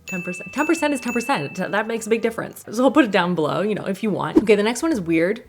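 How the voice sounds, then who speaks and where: A woman's voice: mid-range voice, animated, rapid-fire, soft background music. A woman casually talking through products she uses at home in a chatty, rambling way, laughing often between thoughts. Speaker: lifestyle vlogger.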